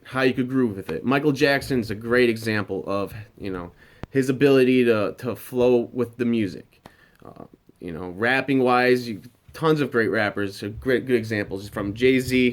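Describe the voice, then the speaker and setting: Laid-back man explaining singing. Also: medium pitch. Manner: loose and conversational, many fillers. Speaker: vocal coach. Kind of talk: casual teaching talk.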